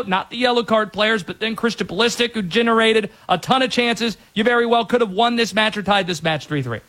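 Man, sports show host, emphatic soccer analysis, opinionated, slightly high voice. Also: fairly bright tone.

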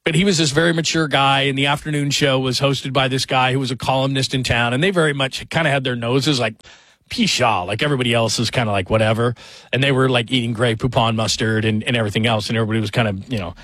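A man's voice: mid-range voice, fast, hardly any pauses, no room sound. A man in his forties hosting a radio show, telling stories in a rambling, self-mocking, casual way. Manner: rambling, self-deprecating, animated storytelling. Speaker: radio host. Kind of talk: casual chat.

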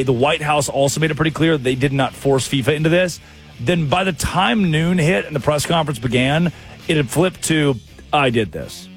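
A man hosting a comic sports talk show, telling stories with quoted voices. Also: a little high. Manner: animated storytelling with voiced quotes.

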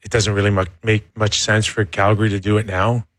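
Halting sports-talk co-host, dry studio. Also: male voice, fairly low pitch, flat delivery, a bit bright, no room sound. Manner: halting, questioning, restarts often.

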